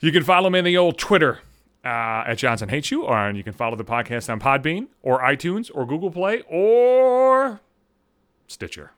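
A man rants on his home podcast in a fairly high voice that swings wildly up and down. He swears constantly and trips over his own restarts as he gets worked up. The sound is close and dry. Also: very animated, moderate pace, a bit bright, smooth, dry recording. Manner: profane, heated ranting with stammered restarts. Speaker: podcast host. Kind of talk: solo comedic rant podcast.

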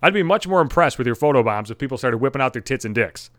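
A man's voice: medium pitch, lively intonation, quick pace, a bit bright, dry recording, clean studio sound. A man hosting his own podcast, ranting at home with constant swearing and exasperation. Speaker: podcast host. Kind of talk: profane comedic rant.

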